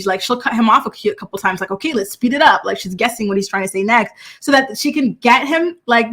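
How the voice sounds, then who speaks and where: A woman's voice: medium pitch, a bit bright. A woman hosting a reality TV gossip commentary, chatty and opinionated, with lots of fillers and restarts. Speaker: host.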